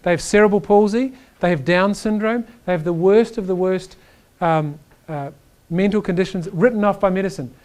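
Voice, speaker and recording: A man giving an energetic chiropractic lecture, emphatic and animated, often checking in with "right?". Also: high voice, moderate pace, hardly any pauses. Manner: reads quotes aloud to the audience.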